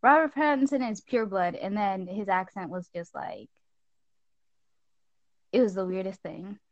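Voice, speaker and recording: A teenage girl casually chatting as she reviews a film, lively and full of retellings. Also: normal speed, dry recording, lo-fi sound. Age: teens. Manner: animated, acts out scenes in squeaky voices. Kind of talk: casual chat.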